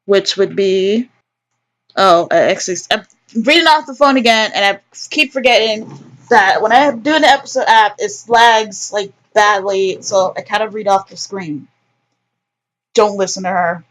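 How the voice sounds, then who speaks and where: A woman narrating her own let's-play, chatting and rambling as she reads through a story game. Her talk is loose and joking, sprinkled with casual swearing. Her pitch sits right in the middle for a woman. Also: moderate pace, fairly bright tone. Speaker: gamer, let's-play host.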